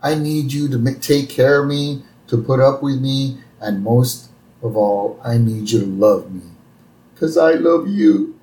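A man's voice: mid-range voice, a little slow, mellow, close to an everyday voice. A man voicing a clueless, dependent cartoon husband who pleads in a whiny way. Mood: pleading. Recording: roomy, distant mic.

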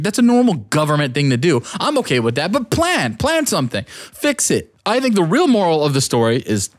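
A man in casual conversation who rambles and gets worked up, often restarting his sentences. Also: on the high side. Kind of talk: casual chat.

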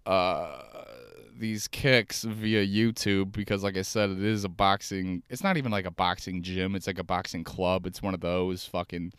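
A young man hosting his own podcast, rambling through profane, animated stories while sitting in his car. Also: sits low, normal speed, clear, resonant tone, no echo, clean studio sound. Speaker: podcast host and stand-up comic. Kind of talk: casual solo podcast monologue. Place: inside a car.

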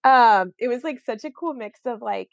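Chatty thirtysomething woman, bit high voice, rambles with lots of likes and ums, dry close sound. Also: expressive, moderate pace, vocal fry, no echo, highs cut off. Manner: rambling, many fillers and restarts. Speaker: podcast co-host. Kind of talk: casual chat.

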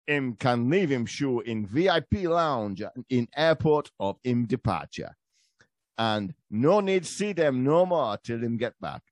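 Man doing a ad voice, slow drawl, bouncy pitch, dry recording. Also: darkish tone, dry recording. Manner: slow, drawling ad read in broken dialect. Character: laid-back Rastafarian man reading a resort ad.

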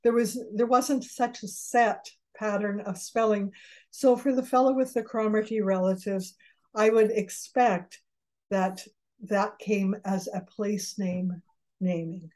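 Mellow-voiced older woman telling stories. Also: mid-range voice, steady tone, unhurried. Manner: storytelling, chuckles at her own jokes. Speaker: genealogist guest. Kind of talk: conversational interview.

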